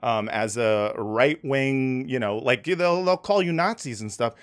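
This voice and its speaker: A man's voice: mid-range voice, a little slow. A man hosting a casual podcast interview over a remote call, talking in a rambling, hesitant way with many fillers and restarts. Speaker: podcast host.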